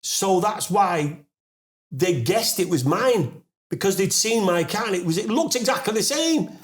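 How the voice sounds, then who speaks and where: Speaking at a measured pace, a middle-aged man from England rambles through an animated tale as a podcast interview guest. He stumbles often, using plenty of fillers and restarts and swearing casually, then his pitch and volume leap up as the unbelievable part arrives, breaking into loud, laughing disbelief.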